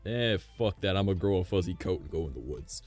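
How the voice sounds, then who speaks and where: A man voicing a big furry male Bigfoot who is gruff, crude and dismissive of people. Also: sits low, animated, brisk, a little mellow, faint music behind. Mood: fed up.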